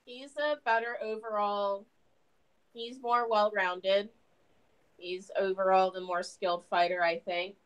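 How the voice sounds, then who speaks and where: A woman in casual podcast chat, giving her opinions in a measured, plain way. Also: medium pitch, steady tone, a bit bright, clean tone, poor audio. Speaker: podcast co-host.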